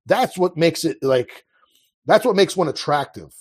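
A man with a husky, slightly breathy voice that sits a little high for a man. He talks earnestly and with passion, often breaking off and restarting his sentences in a loose, conversational flow. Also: animated, measured pace. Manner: earnest, impassioned, with frequent restarts. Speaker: podcast guest. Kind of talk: casual conversational monologue.

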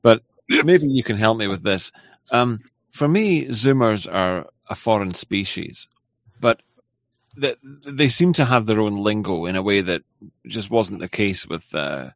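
Middle-aged host, man, low gravelly voice, dry close mic, wry and blunt. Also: lively intonation, unhurried, no echo. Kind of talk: casual chat.

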